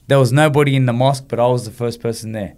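An Australian man talks as a guest in a relaxed chat. He tells his stories with energy, slipping into the voices of the people he quotes. His voice sits at an ordinary, middle pitch. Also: quick pace. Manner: animated, acts out quoted dialogue, frequent "you know". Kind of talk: casual storytelling in conversation.

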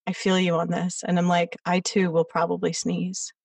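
A woman's voice: lowish voice, monotone, normal speed, vocal fry, darkish tone, breathy edge, no echo, recorded from a distance. Chatty woman podcast host, set back from the mic. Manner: chatty, laughs often, repeats "exactly". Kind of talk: casual interview chat. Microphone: remote recording.

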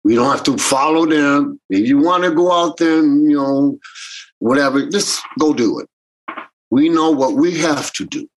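A man's voice: a little high, normal speed, poor audio. A man, a reggae bandleader telling stories in a casual interview and acting out the voices of people he quotes. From Jamaican American. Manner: animated, acts out quoted voices.

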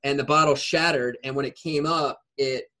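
A man's voice: mid-range voice, moderate pace. A man in his forties telling a rambling story in a casual chat, full of fillers. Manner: rambling, filler-heavy, animated retelling.

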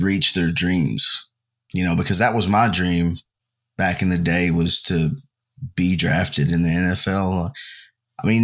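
Young male co-host, low voice, loose casual chat. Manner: relaxed, rambling, filler-heavy. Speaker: podcast co-host.

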